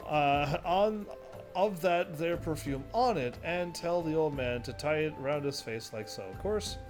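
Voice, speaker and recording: A man's voice: fairly high pitch, measured pace, over music, close to an everyday voice. A man voicing a folksy male chocobo handler who drawls out homespun advice while reading game dialogue aloud. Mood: drawling.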